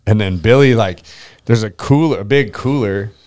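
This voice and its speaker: Young man, lowish voice, casual storytelling, swearing, lots of "like" fillers, acts out his friends. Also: normal speed. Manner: swears often, heavy use of "like"; animated, acts out friends' lines.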